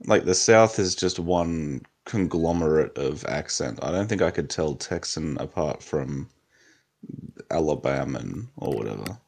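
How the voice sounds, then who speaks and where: A man's voice: extremely low pitch, animated, unhurried, gravelly, a little mellow, breathy edge. A young man hosting a podcast, speaking in a hesitant casual chat with lots of fillers. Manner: hesitant, many fillers and restarts. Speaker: podcast host.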